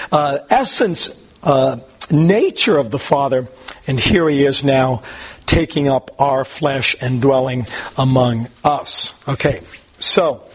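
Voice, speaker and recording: A man with a slightly high, husky voice teaches a Bible class. He rambles in a chatty, informal way, stopping for ums and restarting his sentences.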